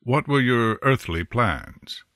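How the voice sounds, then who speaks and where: A man voicing a male angel prosecutor who questions a witness in a measured way. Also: medium pitch, lively intonation, bright, forceful tone, dry recording, clean studio sound, pitched above the performer's own voice, exaggerated voice. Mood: probing.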